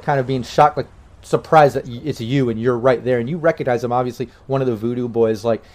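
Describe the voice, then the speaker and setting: A man's voice: medium pitch, darkish tone. Rambling male game master. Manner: casual, rambling with fillers. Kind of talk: narrating a tabletop game on a stream.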